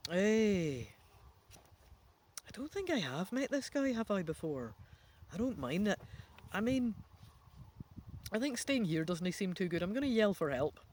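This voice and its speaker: A man reading an adventure gamebook aloud, stopping to muse out loud over each choice. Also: high-pitched, big pitch swings, normal speed, long pauses, slight background noise. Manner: musing, thinking out loud. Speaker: gamebook reader.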